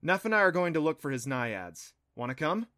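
A man voicing an eager, adventurous young boy in a storybook reading, excitable and a bit boastful. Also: on the high side, a little fast. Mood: cocky.

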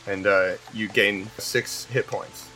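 A man narrating a tabletop game as game master in a relaxed, casual way. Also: fairly low pitch, slow pace, faint music behind, poor audio.

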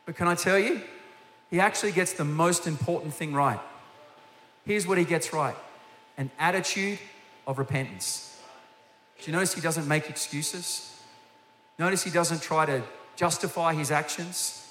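A man's voice: fairly high pitch, normal speed, long pauses, a bit bright. A man preaching a sermon as guest minister, telling stories with energy and putting direct questions to the congregation. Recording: echoey hall with faint hiss.

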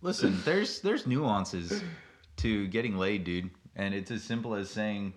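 A man's voice: lowish voice, animated, measured pace. A young man co-hosting a casual podcast chat, joking and handing out mock advice. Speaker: podcast co-host.

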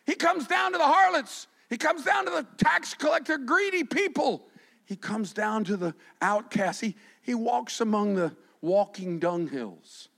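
A middle-aged male pastor preaching a sermon with passion, dropping to a hush and then rising to shouts. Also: very high voice, big pitch swings, a little slow, gravelly. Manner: impassioned, swinging from hushed to shouting.

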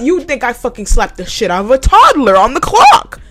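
A woman's voice: high-pitched, big pitch swings, normal speed, hardly any pauses, a bit bright, soft background music. A young adult woman hosting a podcast, telling a work story in a casual, heated rant full of swearing. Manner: profane, heated and blunt, with laughs. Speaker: podcast host.

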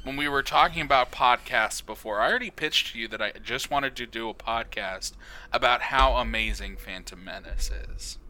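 A man's voice: medium pitch, normal speed, pushed and bright, a little hiss or hum, low-quality recording. A man co-hosting a comedy podcast, riffing in improv chat with stammering restarts and frequent laughs.

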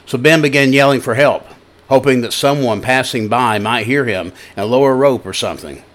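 A man's voice: medium pitch, fairly quick, fairly bright tone. A male pastor giving a broadcast sermon, with conversational, folksy storytelling and scripture reading.

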